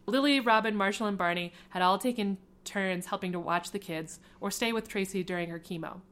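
A woman's voice: mid-range voice, a little fast, fairly bright tone. A woman casually reading a story aloud. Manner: laughs often while reading, breaks off to comment. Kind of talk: casual read-aloud of fan fiction.

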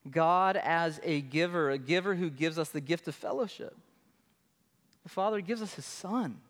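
A man's voice: fairly high pitch, moderate pace, a bit bright. A man preaching a sermon, earnest and emphatic, often repeating phrases for weight. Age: adult with children. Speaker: pastor. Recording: long hall reverb.

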